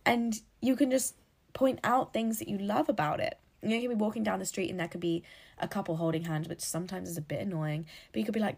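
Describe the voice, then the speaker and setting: A woman's voice: mid-range voice, fast talker, vocal fry, a little mellow, breathy edge. A woman hosting a casual solo podcast, chatty and rambling, laughing at her own slips. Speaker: podcast host.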